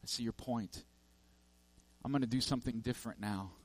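A man's voice: medium pitch, a little fast, close to an everyday voice. A man acting out a desperate homeowner who pleads and cries out for help against the devil, in a sermon parable. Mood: pleading. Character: desperate man battling the devil in his home.

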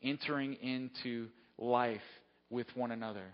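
A man delivers a sermon in an easy, conversational manner, pausing to check in with his listeners as he tells a story. His voice sits in a middle pitch and rings with a long hall reverb. The recording sounds dull and lo-fi. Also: fairly even intonation. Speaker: preacher.

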